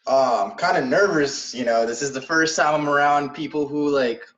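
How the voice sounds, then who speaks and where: A man's voice: on the high side, moderate pace, a bit bright. A young man in a wrestling class talks eagerly, rambling through fillers as he introduces himself. He sits back from the mic in an echoey room. The call audio is distant and dull. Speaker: student. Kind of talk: casual self-introduction.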